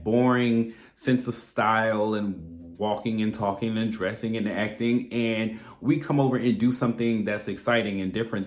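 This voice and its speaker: A man's voice: lowish voice, a little mellow. Blunt, profane man in a roomy echo. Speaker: reaction channel host. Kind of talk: casual commentary.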